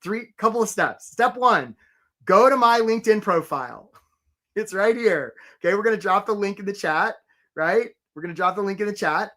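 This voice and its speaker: A man's voice: high-pitched, expressive, moderate pace, bright, forceful tone. A middle-aged man coaching job seekers in a live webinar, chatty and upbeat, greeting viewers by name. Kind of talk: energetic live webinar presentation.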